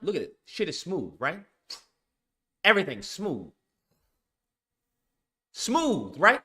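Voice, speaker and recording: Emphatic, bright-voiced man ranting. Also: medium pitch. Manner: emphatic, repetitive, swears often. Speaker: streamer and show host. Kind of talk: casual live-stream rant.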